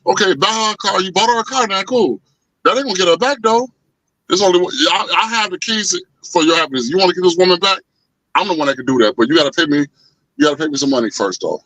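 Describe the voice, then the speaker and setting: A man telling a story in casual chat, animated and profane, acting out the voices of the people in it. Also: high voice, fast talker, no room sound, poor audio. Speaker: podcast co-host.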